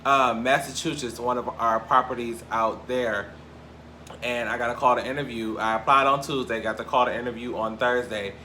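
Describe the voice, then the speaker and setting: A young man from Cleveland hosting a casual gossip show, talking in a lively, profane way with big swings between loud and quiet. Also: mid-range voice, moderate pace, slight background noise. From Cleveland, Ohio. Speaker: podcast host. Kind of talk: casual celebrity gossip chat.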